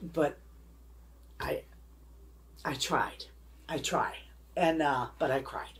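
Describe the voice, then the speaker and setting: A woman's voice: deep voice, slow pace, noisy background. A middle-aged woman hosting a homesteading channel, chatting casually and emotionally to her viewers. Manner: rambling, heartfelt, emotional. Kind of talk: casual chat to camera.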